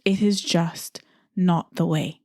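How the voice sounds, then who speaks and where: A Caribbean-born woman hosts her podcast in a mellow, slightly low voice, recorded dry and close. She talks to listeners earnestly and encouragingly, in a conversational flow sprinkled with "you know" asides. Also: steady tone, takes it slowly, no room sound. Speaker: podcast host. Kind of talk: podcast monologue.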